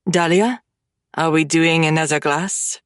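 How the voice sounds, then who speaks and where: A woman's voice: low-pitched, steady tone, unhurried, dry recording, pitched below the performer's own voice. A woman voicing a dry, teasing young Frenchman. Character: sardonic young French man, caring stepbrother.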